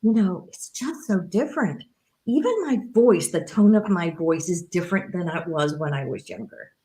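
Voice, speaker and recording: A middle-aged woman hosting a podcast interview, affirming and reflective, with a deep, rich tone. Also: lively intonation, moderate pace, warm tone. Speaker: podcast host. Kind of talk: conversational interview. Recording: roomy echo.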